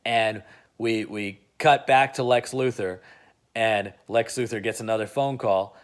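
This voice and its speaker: Low-voiced guy chatting through a made-up movie plot, lots of uh and like. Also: steady tone, measured pace. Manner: chatty, with frequent "uh" and "like". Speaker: video creator. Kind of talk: casual retelling of an imagined film plot.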